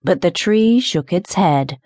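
Brief: woman narrator, low mellow voice, calm storybook reading, dry close mic. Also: takes it slowly, no room sound. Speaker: audiobook narrator.

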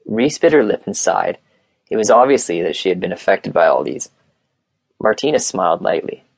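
A man narrating an audiobook in a plain, steady reading voice on a close mic. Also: on the low side, a little fast, gravelly, husky, no echo. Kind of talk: scripted narration.

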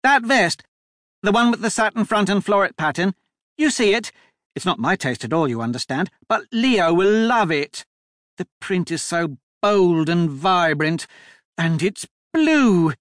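Brief: man doing a high, shrill, impulsive duchess for an audiobook, bossy and gushing. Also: expressive, unhurried, fairly bright tone, dry recording, clean studio sound. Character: impulsive heavy-set noblewoman duchess, excitable. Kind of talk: audiobook character voice.

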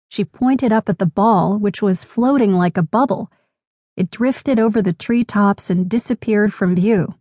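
Woman narrator for a kids' audiobook: gentle, unhurried, close dry studio. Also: mid-range voice, no echo. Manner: clear, gentle, measured. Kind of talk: scripted children's audiobook narration.

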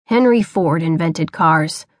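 A woman voicing a stern, gruff farmer father in a children's audiobook, lowering her voice for him. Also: takes it slowly, no room sound, studio quality. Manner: gruff, growling. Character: stern farmer father, middle-aged man.

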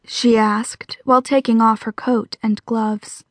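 A woman narrating a romance audiobook in a steady, even storytelling voice. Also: on the high side, a little slow, no room sound. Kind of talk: scripted narration.

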